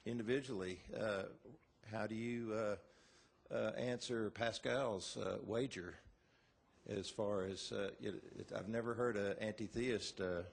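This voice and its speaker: Man, lowish voice, audience questioner, hesitant, halting, lots of uhs. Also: fairly even intonation, gravelly. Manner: hesitant, halting, many fillers. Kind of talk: asking a question at a debate.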